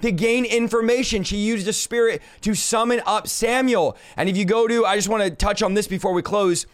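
A man's voice: high voice, steady tone, fairly quick, clean tone. A man hosting a podcast, giving a fervent preaching-style Bible teaching and exhorting the listener directly. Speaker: podcast host.

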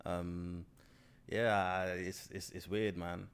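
Young London guy, casual guest, a bit low-pitched, loose slangy rambler who restarts his sentences. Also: flat delivery, slow, smooth. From South London. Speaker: guest filmmaker. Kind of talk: casual interview chat.

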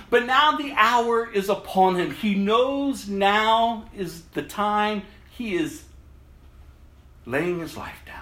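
A man preaching a casual sermon, reading scripture aloud and swinging from loud emphasis to hushed, low tones. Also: echoey room.

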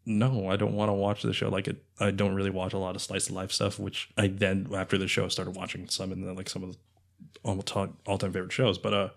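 A man's voice: sits low, completely flat delivery, fairly quick, vocal fry. A young man co-hosting a casual podcast chat, rambling with lots of filler words. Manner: rambling, heavy use of filler "like". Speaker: podcast co-host.

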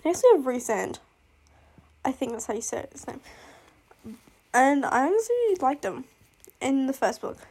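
She's a booktuber in casual conversation about fictional love interests, rambling and gushing over books she loves and hates, swearing freely and breaking into laughs and sighs. Her high voice swings widely in pitch, slightly rough and a little mellow, moving a little slowly with long pauses.

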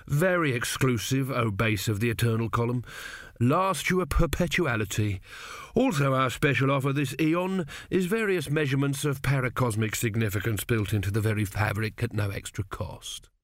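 A man voicing an eager, fawning salesman with a smooth sales patter. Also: medium pitch, animated, normal speed, no room sound, studio quality, lightly acted.

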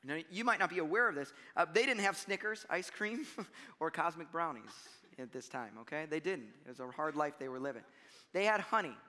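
A man preaching a sermon in a relaxed, conversational way, telling stories and laughing at himself. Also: on the high side, a little fast, big-room sound. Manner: conversational, storytelling with self-deprecating laughs. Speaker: pastor.

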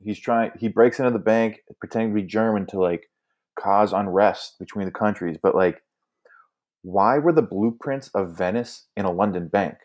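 A man with a fairly low voice chats through a movie review. He is wry and asks pointed questions. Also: moderate pace, a little mellow. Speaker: podcast co-host. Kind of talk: casual movie review chat.

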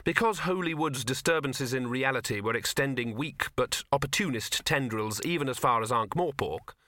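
A man's voice: medium pitch, lively intonation, normal speed, bright, forceful tone, dry recording. A man narrating a comic fantasy audiobook in a dry storytelling manner. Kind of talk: scripted narration.

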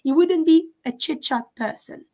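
A woman giving a live mediumship reading, halting and often stopping to check in with questions. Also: high-pitched, mellow. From France. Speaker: psychic medium.

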